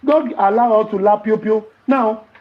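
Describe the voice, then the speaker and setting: Nigerian guy on a podcast, kinda preachy, tells stories, higher voice, muffled audio. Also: fairly even intonation, moderate pace. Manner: preachy, rhetorical and storytelling. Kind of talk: casual podcast talk.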